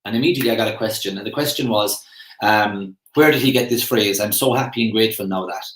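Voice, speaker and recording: A man's voice: on the low side, fast talker, a bit bright, reverberant, rough recording. An Irish man coaching on personal development in a chatty, rambling live talk, acting out the voices of the people he quotes. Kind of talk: live-streamed motivational talk.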